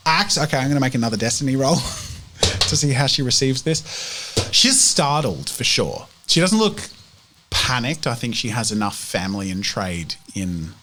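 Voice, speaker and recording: A man's voice: medium pitch, sing-song, moderate pace, bright, forceful tone, a little hiss or hum. A man narrating a tabletop role-playing game as game master, casual and rambling.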